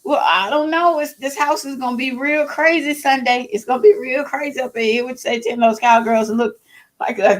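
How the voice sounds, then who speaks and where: Woman, live chat host, fairly high voice, chatty, excitable, laughs a lot, talks to viewers. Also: normal speed. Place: at home.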